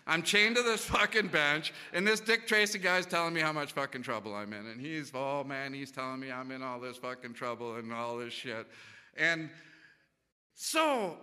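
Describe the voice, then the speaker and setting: A man's voice: medium pitch, normal speed, bright, forceful tone, big-room sound. A man casually telling a rambling, profane anecdote full of restarts. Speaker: storyteller.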